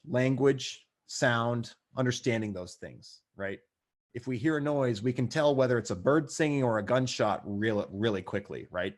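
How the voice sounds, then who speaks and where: Male paramedic instructor, medium-pitched, talks through a recorded lecture in a casual conversational way with dry jokes. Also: darkish tone. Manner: conversational, dry asides, checks in with "right?".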